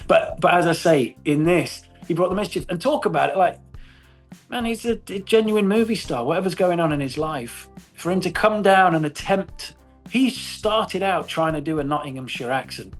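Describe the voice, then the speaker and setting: A middle-aged man in a casual interview, telling stories with animation, swearing and laughing often. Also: a little high. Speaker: actor guest.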